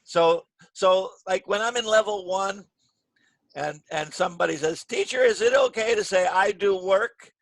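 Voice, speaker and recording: A man teaching an English grammar class over a video call, speaking clearly and patiently and stressing the words he models. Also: sits high, a little slow, no echo. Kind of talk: online grammar lesson. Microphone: computer mic on a video call.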